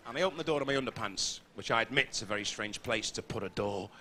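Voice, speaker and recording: Brash Scouse stand-up comedian. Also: male voice, medium pitch, expressive, fast talker, noisy background. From Liverpool, England. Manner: brash, crude, swearing punchlines. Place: theatre stage with audience.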